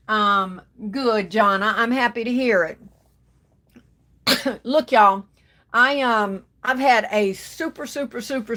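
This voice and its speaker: A woman hosting a casual livestream, greeting viewers one by one and calling them baby and darling. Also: fairly high pitch. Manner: warm Southern endearments, calls viewers baby and darling. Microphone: phone.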